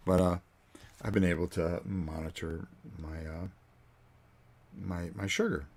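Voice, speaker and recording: A man's voice: low voice, fairly even intonation, measured pace, darkish tone, a little hiss or hum. A man hosting his own vlog, chatting casually and rambling through a story with fillers and acted-out quotes. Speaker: vlog host. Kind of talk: casual chat.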